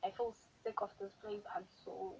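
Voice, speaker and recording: A woman's voice: medium pitch, sing-song, normal speed, gravelly, mellow. A young South African woman telling a story from her own life on camera, retelling it animatedly with lots of "like" and quoted asides. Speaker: YouTuber. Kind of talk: storytime vlog. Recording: dull audio with faint hiss.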